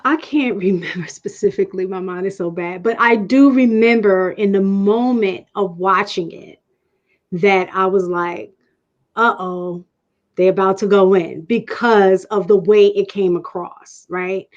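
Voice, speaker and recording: A woman guest on a panel, explaining her views in a measured, reasoning way with frequent restarts. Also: medium pitch, dull audio. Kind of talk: explanatory casual talk.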